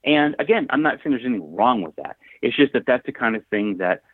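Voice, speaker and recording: A man's voice: medium pitch, lively intonation, fast talker, husky, dry recording. A thoughtful, hesitant man on a podcast who keeps restarting his sentences as he works toward his point. His voice comes through a thin, phone-like line with dry, close sound. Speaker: podcast co-host. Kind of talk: casual chat.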